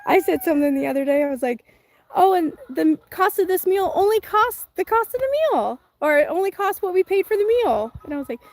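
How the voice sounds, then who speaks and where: A woman's voice: extremely high pitch, lively intonation, a little fast, a little mellow, no echo. A woman hosting a casual live chat outdoors, reading viewer comments, chatty and giggly with a self-deprecating humor. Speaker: livestream host.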